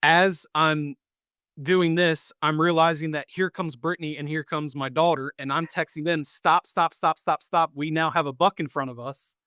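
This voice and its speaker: Higher-voiced man telling a hunting story. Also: normal speed, clean tone, no room sound, clean studio sound. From Pennsylvania or Maryland. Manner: animated, repeats and restarts while telling a hunting story. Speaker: podcast co-host. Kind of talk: casual storytelling.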